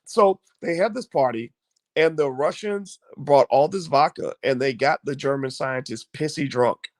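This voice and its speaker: A man's voice: mid-range voice, a little slow, no room sound. A man hosting his own online show, giving opinionated commentary to viewers in an emphatic, preachy way, often repeating words and restarting.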